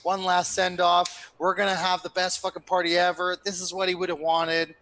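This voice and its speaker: A young man casually telling a long anecdote over a remote call, animated and profane, often tagging on "right?". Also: high voice, normal speed, slight background noise, low-quality recording. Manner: animated, profane, with frequent tag questions.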